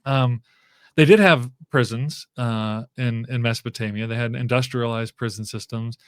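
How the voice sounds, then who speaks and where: A man's voice: medium pitch, fairly even intonation, normal speed, smooth, no echo, studio quality. A man speaking as a guest professor in a casual interview, thinking aloud with frequent fillers and restarts.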